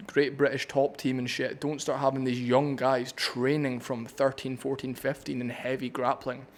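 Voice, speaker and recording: A man's voice: medium pitch, little pitch movement, normal speed. A man with a Scottish accent breaking down a fight on his vlog, blunt, opinionated and profane. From Scotland. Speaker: MMA commentator.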